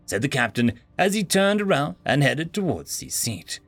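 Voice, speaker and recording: Wry male storyteller, lively and gravelly. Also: mid-range voice, normal speed, few pauses, no echo, soft background music. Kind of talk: storytelling narration.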